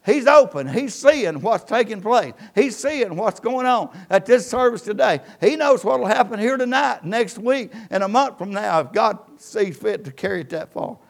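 A pastor delivers a church sermon, his voice pitched high for a man and full of gravelly fry. He quotes scripture and swells and drops his emphasis as he preaches. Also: animated, moderate pace, hardly any pauses. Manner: preaching with rising and falling emphasis, quoting scripture.

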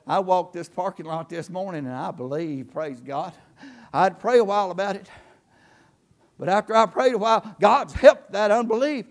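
Older man, sermon, very high voice, impassioned swings from shouting to quiet talk. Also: moderate pace. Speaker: pastor. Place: church.

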